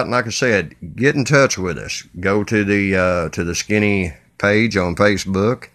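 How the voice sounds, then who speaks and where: Deep-voiced Kentucky man, folksy and blunt. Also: vocal fry, fairly bright tone, no echo, clean studio sound. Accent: Southern US, Kentucky. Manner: talkative, blunt, folksy, with jokey asides and many uhs. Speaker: podcast host. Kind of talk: casual solo podcast monologue.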